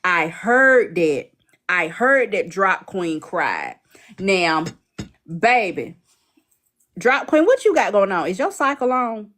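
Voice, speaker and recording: Slow-talking woman hosting a live stream. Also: mid-range voice, sing-song, fairly bright tone. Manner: chatty, teasing, drawn-out asides. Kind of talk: casual live-stream chat.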